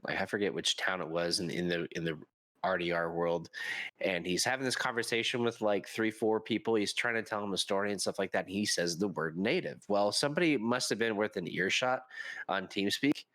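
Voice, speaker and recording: A man co-hosting a casual gaming podcast, telling anecdotes with lively delivery and quoting people as he goes. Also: on the low side, fairly quick, dry recording. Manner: animated storyteller, mimics people in his anecdotes. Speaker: podcast co-host.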